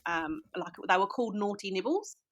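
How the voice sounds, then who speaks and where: Australian woman guest, relaxed and rambling. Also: mid-range voice, moderate pace. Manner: relaxed, rambling, hesitant with fillers. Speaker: guest author. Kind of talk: casual interview chat.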